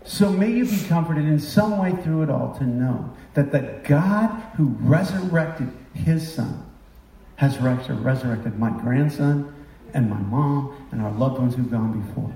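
A man's voice: mid-range voice, lively intonation, measured pace, warm tone. A man in his fifties preaching a sermon, confessional and emotional, rising to impassioned outbursts. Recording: roomy sound from a distance.

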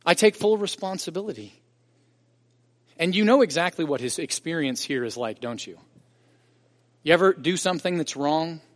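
A man preaching a sermon as pastor, earnest and emphatic, pressing harder on key points. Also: fairly high pitch. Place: church sanctuary. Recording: long church reverb.

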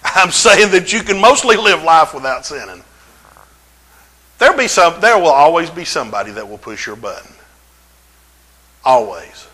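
A middle-aged man, preaching a folksy, humorous sermon in a church with drawn-out emphasis. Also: fairly high pitch, big pitch swings, pushed and bright, low-quality recording. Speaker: pastor.

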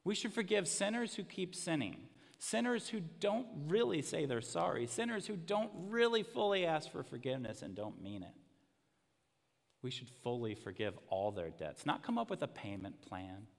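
A man delivering a sermon as a pastor, telling stories and sinking into hushed, emotional quiet at tender moments. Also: a little high, expressive, normal speed, creaky, in a large hall. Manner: storytelling, dropping to a hushed, emotional near-whisper in quiet passages.

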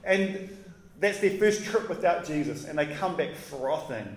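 A man preaching a casual, conversational sermon in relaxed, slangy talk with animated asides. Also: fairly high pitch, measured pace. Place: church. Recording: roomy echoey hall.

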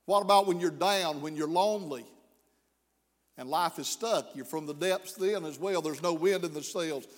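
A middle-aged man preaching a sermon, folksy and self-deprecating, rising to slow emphatic pleas. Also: fairly high pitch. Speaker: pastor. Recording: long hall reverb.

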